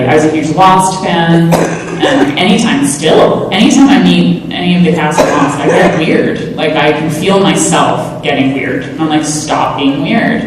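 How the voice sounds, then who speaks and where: A woman's voice: low voice, heavy background noise. A woman in her thirties, a panel guest, answering convention questions in a chatty, self-deprecating way. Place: large convention hall. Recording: echoey hall, voice from far off.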